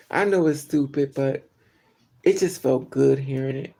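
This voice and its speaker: A man tells a personal story to his livestream audience in a casual, candid way, talking straight to them and answering their comments. His voice sits a bit high for a man but has a dark, mellow tone. A gravelly, creaky edge runs through his speech. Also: unhurried, long pauses. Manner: candid, chatty, talks straight to viewers. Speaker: vlogger.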